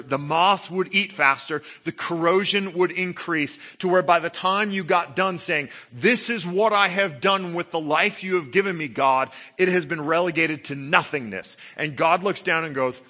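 A man preaching a sermon, building to loud emphatic passages and dropping to low, quiet stretches. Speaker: pastor.

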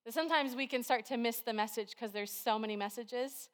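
A woman's voice: fairly high pitch, brisk. A woman preaching a sermon to a congregation, telling everyday stories in a chatty, conversational way. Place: church service with a congregation.

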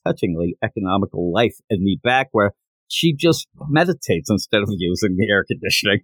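Animated man chatting on a podcast. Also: on the low side, brisk, no echo, low-quality recording. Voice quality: animated, laughs while retelling scenes. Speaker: podcast co-host. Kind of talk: casual manga discussion.

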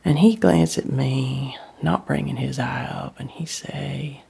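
A woman tells a first-person story in a drawling dialect. She often slips into breathy whispers. Her voice is gravelly and husky, and she keeps an unhurried pace. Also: extremely low pitch, fairly even intonation, warm tone. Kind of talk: first-person dramatic monologue.

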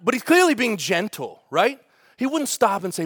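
A man with a high, light voice delivers a sermon. He preaches in an animated, conversational way, tossing rhetorical questions to the congregation. The sound is close and dry. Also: moderate pace, breathy edge, dry recording. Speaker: pastor.

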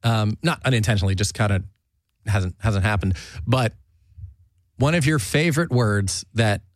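A man's voice: fairly low pitch, normal speed, no echo, clean studio sound. A man from New Jersey with a slight New Jersey accent, hosting a podcast in a casual, chatty way, often restarting and laughing. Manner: chatty, self-interrupting, laughs easily. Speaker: podcast host. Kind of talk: casual chat.

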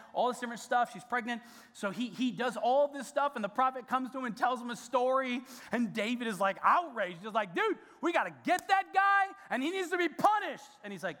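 A man's voice: high voice, fairly bright tone. A male pastor preaching a sermon in a conversational, emphatic way, with restarts and rising peaks of intensity. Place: church sanctuary. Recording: long church hall reverb.

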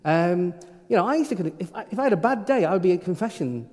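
Stammering priest in a reverberant hall. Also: male voice, high-pitched, animated, quick pace, few pauses, a little mellow. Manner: conversational, frequent stammered restarts. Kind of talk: informal sermon.

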